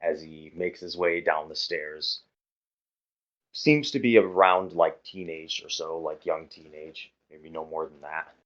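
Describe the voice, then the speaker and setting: A man narrating a tabletop game as game master, describing scenes in a relaxed, halting way. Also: extremely low pitch. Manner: relaxed, hesitant narration with fillers. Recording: muffled lo-fi audio.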